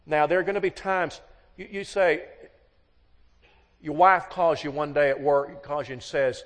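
A man's voice: fairly high pitch, fairly even intonation, unhurried, a bit bright. A middle-aged man preaching a sermon on marriage in a folksy, storytelling way, acting out both sides of the dialogues. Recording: long hall reverb.

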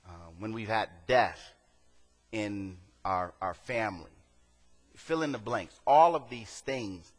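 A man's voice: lowish voice, a bit bright, in a large hall. A male pastor preaching a sermon, talking to the congregation in a conversational way and rising to emphatic peaks.

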